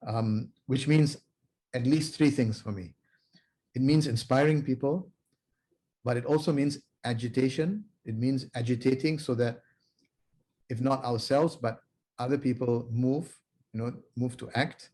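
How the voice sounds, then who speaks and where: A man on a video call closing his presentation as a panelist, speaking in a measured, emphatic way and laying out his points one by one. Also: mid-range voice, dark tone.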